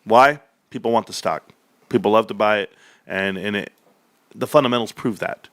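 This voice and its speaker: A man hosting casual stock market commentary, animated and joking, calling his viewers bro. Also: fairly low pitch, normal speed, no echo, studio quality. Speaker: stock market video host.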